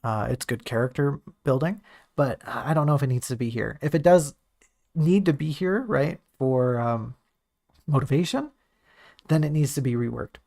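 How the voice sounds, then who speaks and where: Guy on a chill stream picking apart his own draft, gravelly creaky voice, self-deprecating, thinking out loud. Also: mid-range voice, animated, normal speed. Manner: thinking aloud, self-critical and joking. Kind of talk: casual stream commentary.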